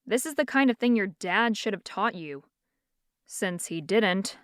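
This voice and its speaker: A woman narrator voicing a condescending, stern young man who hunts demons, speaking low and curt in an audiobook. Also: expressive, measured pace, clear, resonant tone, dry recording, studio quality, lightly acted. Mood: scornful. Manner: curt, scornful.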